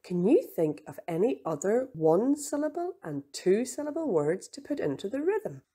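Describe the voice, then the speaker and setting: A woman's voice: mid-range voice, big pitch swings, normal speed, few pauses, mellow, slightly rough. A woman teacher leading a playful children's rhythm lesson, chanting the beats.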